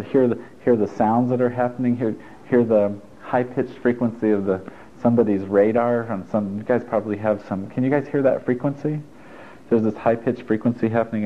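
Man teaching a workshop, tinny lo-fi recording. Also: fairly low pitch. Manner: chatty and encouraging, with joking asides. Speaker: therapist leading a workshop. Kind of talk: live workshop talk to a group. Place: stuffy indoor room with an audience.

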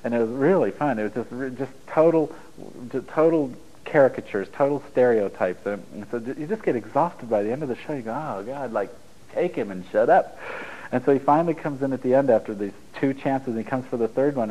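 A man's voice: mid-range voice, fairly quick, warm tone, poor audio. A middle-aged man giving an informal spiritual talk to a live audience, rambling and joking as he goes, often laughing at his own lines. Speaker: spiritual teacher.

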